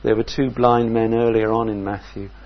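A man preaching a sermon in a measured, reflective way, often asking his listeners questions. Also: fairly low pitch, little pitch movement, creaky, highs cut off.

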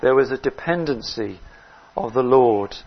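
A man preaching a sermon in an earnest way, rising loud on key words and dropping low between them. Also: lively intonation, unhurried, slightly rough, dull audio.

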